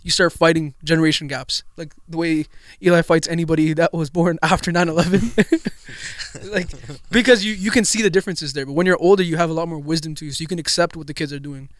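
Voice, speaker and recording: A young man talking in a quick, tumbling rush on a casual podcast, swearing freely as he rambles through his thoughts. His voice sits a little higher than most men's, and the sound is close and dry. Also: steady tone, a bit bright, dry recording. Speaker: podcast co-host. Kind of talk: casual chat.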